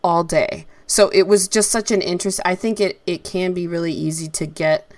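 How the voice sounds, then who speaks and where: A woman's voice: lowish voice, fairly even intonation, normal speed, darkish tone, dry recording. A woman co-hosting a podcast who talks in a chatty, rambling way and asks questions over a remote call. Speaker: podcast co-host. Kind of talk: casual interview chat.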